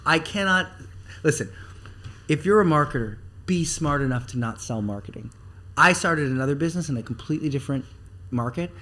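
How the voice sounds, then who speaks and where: A man talking as a podcast guest about marketing, animated and blunt, with some swearing, acting out the things people say. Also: a little high, fairly quick. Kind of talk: casual podcast interview.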